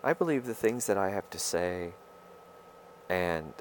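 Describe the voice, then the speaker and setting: A man talking straight to his viewers in a rambling personal monologue, halting and stammering as he searches for his words. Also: sits low, lively intonation, slight background noise.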